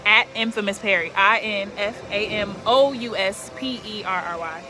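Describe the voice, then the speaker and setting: A woman's voice: medium pitch, moderate pace, hardly any pauses. A young woman talking candidly to camera outdoors, rambling and reflective with lots of filler words. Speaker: vlogger. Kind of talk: casual reflective talk to camera. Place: outdoors, yard work nearby.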